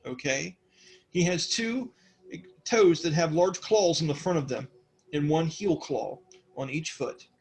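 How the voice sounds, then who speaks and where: A man's voice: on the high side, a little slow, a little mellow. Rambling male game master. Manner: rambling, many fillers. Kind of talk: narrating a tabletop game.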